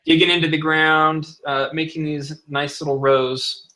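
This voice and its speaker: Bright-voiced male game master. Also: fairly high pitch, level tone, a little slow, low-quality recording. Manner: descriptive, rambling narration with fillers. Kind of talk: narrating a tabletop game.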